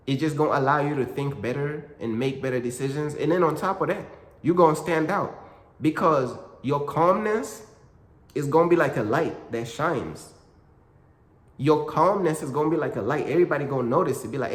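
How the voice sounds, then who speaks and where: A man's voice: on the high side, moderate pace. A man giving a casual faith talk, full of slang, calling the listener "bro" again and again. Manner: slangy, repeats "bro" and "you know what I'm saying". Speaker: Christian content creator. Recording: echoey room with long reverb.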